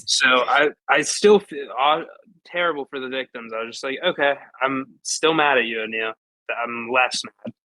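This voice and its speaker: A man's voice: medium pitch, normal speed, pushed and bright, dry recording, poor audio. A man with a Pittsburgh accent co-hosting a sports podcast, telling profane, joking stories. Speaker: podcast co-host. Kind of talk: casual sports chat.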